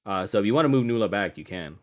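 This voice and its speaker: A man's voice: on the low side, expressive, rapid-fire, lo-fi sound. A man narrating as dungeon master, casual and full of fillers. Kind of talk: narrating a tabletop game.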